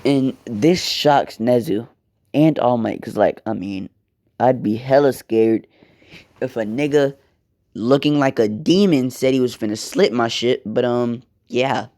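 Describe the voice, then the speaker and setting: A man's voice: medium pitch, measured pace, a little mellow. A young man casually telling a fan-made story, rambling with slang, profanity and side comments.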